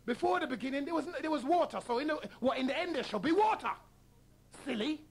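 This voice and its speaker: A man's voice: very high voice, expressive, fast, vocal fry. A man hosting a radio talk show, delivering a combative monologue full of rhetorical questions and blunt mockery. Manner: mocking, blunt.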